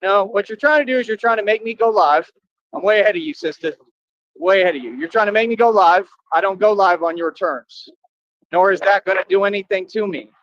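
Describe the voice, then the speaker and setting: A man's voice: sits high, a little fast, fairly bright tone, no room sound. A man streaming live, scolding and boasting at an online critic in a repetitive rant. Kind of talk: confrontational rant to viewers. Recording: dull lo-fi, dry.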